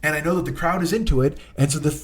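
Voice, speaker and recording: A man in his forties with a slightly higher-than-usual voice rambles through a funny story. He talks loosely and exasperatedly, swears often and piles one aside on another. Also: very fast. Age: 40s. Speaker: comedian podcast host. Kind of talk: casual storytelling monologue.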